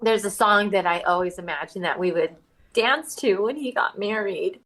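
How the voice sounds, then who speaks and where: A woman guest on a podcast, speaking softly and haltingly, often restarting her sentences. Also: medium pitch, low-quality recording. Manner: soft-spoken, halting, with frequent restarts. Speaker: guest, bereaved mother. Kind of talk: casual interview.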